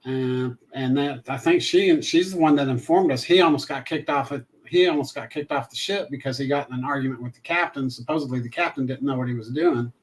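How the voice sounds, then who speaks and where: A middle-aged man co-hosting a travel live stream, adding relaxed comments and explanations in casual chat. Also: medium pitch, fairly quick, hardly any pauses, low-quality recording. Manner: relaxed, adds brief remarks and background explanations.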